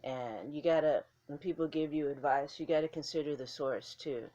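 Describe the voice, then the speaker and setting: A woman's voice: sits low, moderate pace, mellow, highs cut off. Blunt, profane woman vlogging. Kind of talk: casual talk to camera.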